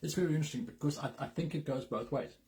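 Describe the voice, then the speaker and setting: A man's voice: on the high side, rapid-fire, dark tone. A man with a Zimbabwean English accent, co-hosting a casual chat with his wife; earnest and reflective, with a dry sense of humour. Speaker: co-host, business partner.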